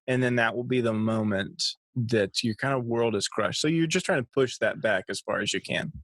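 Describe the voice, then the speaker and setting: Man, podcast co-host, dry teasing banter, middle pitch, close dry mic. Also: normal speed, a bit bright, dry recording. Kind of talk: casual chat.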